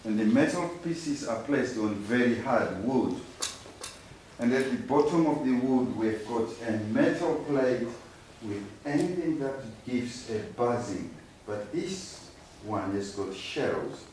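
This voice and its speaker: Expressive and slow, with a darkish medium-pitched voice, a Shona speaker runs a music workshop where he patiently demonstrates and has the group repeat words back to him. He's captured from a distance in an echoey workshop room with slight background noise.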